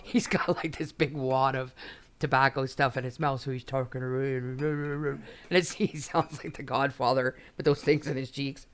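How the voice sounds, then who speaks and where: This game streamer plays while casually chatting, rambling a bit and welcoming viewers by name. She has a bass voice with a steady tone and talks at a moderate pace.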